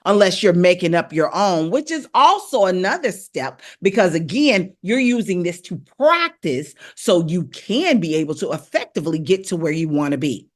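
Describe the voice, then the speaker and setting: A woman's voice: fairly low pitch, very animated, normal speed, few pauses. A woman vocal coach giving a casual live lesson, encouraging viewers, repeating herself, and breaking into rap and tongue-twister drills. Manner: encouraging, repetitive, rapping drills aloud.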